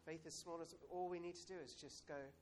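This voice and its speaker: A man giving an informal sermon, talking it through in a relaxed, storytelling way. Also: fairly high pitch, a little fast, slight background noise. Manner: conversational, warm storytelling with soft asides and chuckles. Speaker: preacher.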